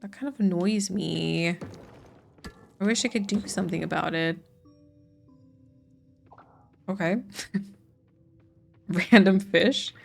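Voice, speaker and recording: Over soft background music, a woman speaks slowly in a lowish voice with vocal fry, pausing often. She's streaming a farming game and chatting casually with her viewers, reading and answering chat along the way.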